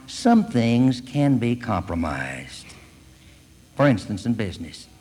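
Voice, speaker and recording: A man's voice: mid-range voice, darkish tone. Guy preaching, folksy storyteller, keeps saying you see, long church echo. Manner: folksy, tells stories, often adds "you see". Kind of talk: sermon. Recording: long hall reverb.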